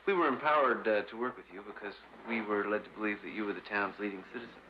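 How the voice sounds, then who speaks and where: An actor playing a mining company agent who flatters and hesitates as he makes a business offer, in an old film clip. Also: fairly low pitch, fast, close to an everyday voice. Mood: persuasive. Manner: ingratiating, hesitant salesman. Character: smooth-talking company agent, ingratiating man. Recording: muffled old film audio, loud hiss.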